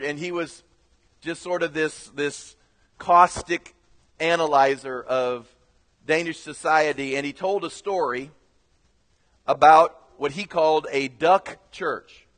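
A man preaching a sermon as pastor, telling a story earnestly and building to loud exhortation. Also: fairly high pitch, long reverb tail.

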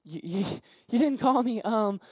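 A man's voice: high-pitched, animated, a little slow, darkish tone, slightly rough, no room sound, dull audio, heavily acted. A bashful teenage boy stammers and giggles through his words, as a preacher acts him out. He sounds eager but unsure, with an awkward, hesitant rhythm. The recording is close and dry. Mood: sheepish.

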